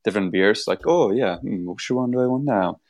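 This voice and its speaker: A Swedish man, a non-native English speaker, chatting casually with fellow wargamers and telling relaxed stories. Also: on the low side, brisk. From Sweden. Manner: relaxed storytelling. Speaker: tabletop wargamer. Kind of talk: casual chat.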